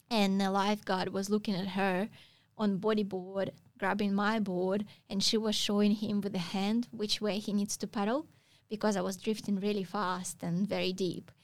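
A woman's voice: medium pitch, level tone, dry recording. Woman telling a story. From Russia. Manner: halting non-native phrasing with frequent pauses. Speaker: guest. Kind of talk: casual storytelling interview.

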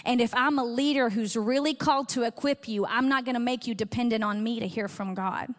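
A woman's voice: on the high side, brisk. A middle-aged woman pastor giving an earnest, conversational sermon, acting out little quoted exchanges as she teaches. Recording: long hall reverb.

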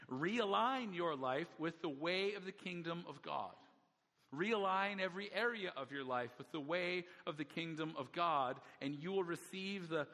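A man's voice: fairly high pitch, pushed and bright. A man preaching a sermon as a pastor, stressing key phrases by repeating them. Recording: long hall reverb.

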